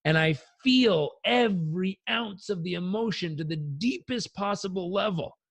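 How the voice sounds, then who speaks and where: A woman's voice: lowish voice, lively intonation, normal speed, pitched above the performer's own voice. A man voicing his elderly grandmother, cheerful and matter-of-fact. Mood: explaining calmly. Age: older.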